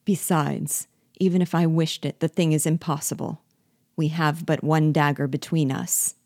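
A woman voicing a gentle, loyal man who speaks softly and persuasively, slowly and without anger. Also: low-pitched, fairly even intonation, no room sound, studio quality. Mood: pleading. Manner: soft, persuasive, slow.

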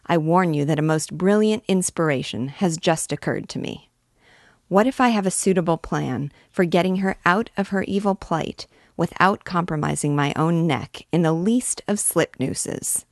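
A woman's voice: lowish voice, moderate pace, gravelly, dry recording, studio quality. Woman doing a vain chattering poet. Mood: boastful. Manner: wordy, boastful, rambling. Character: vain chattering male poet, pleased with himself.

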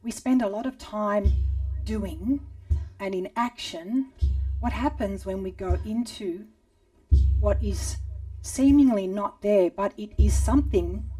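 Woman, rhythm teacher, mellow, calm guiding tone, chants syllables, slightly distant mic. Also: medium pitch, slow, faint music behind. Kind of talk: guided movement and rhythm lesson. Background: drum beat.

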